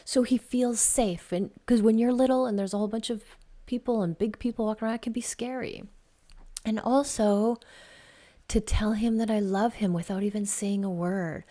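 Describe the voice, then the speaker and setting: A middle-aged woman, a podcast host and life coach, telling a personal family story in a chatty way, laughing often and dropping to a soft whisper at tender points. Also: medium pitch, steady tone, moderate pace.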